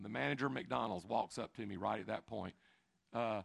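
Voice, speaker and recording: A middle-aged man preaching, telling stories in an animated way that swings between hushed asides and loud, emphatic bursts. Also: lowish voice, brisk, creaky, slightly rough, no echo, studio quality. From Chattanooga, Tennessee. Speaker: pastor. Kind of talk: sermon storytelling.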